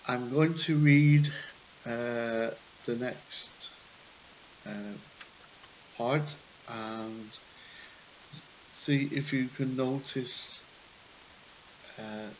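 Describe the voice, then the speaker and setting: A male English teacher talks through exercise answers very slowly, with a patient, jokey manner and plenty of ums. The sound is a little muffled, and a faint hiss runs underneath. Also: mid-range voice, steady tone. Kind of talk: recorded classroom lesson.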